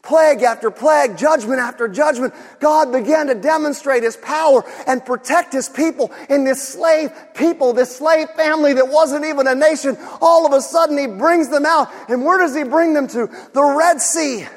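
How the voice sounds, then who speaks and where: A male pastor preaching a sermon with emphasis, often rising to shouts and asking rhetorical questions. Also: extremely high pitch, moderate pace, few pauses, long reverb tail.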